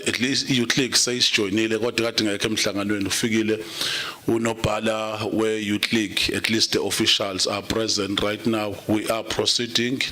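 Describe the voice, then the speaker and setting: A man's voice: lowish voice, sharp tone. A man chairing a political meeting, mixing English and Zulu and calling the audience comrade. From South Africa. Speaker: program director. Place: conference hall.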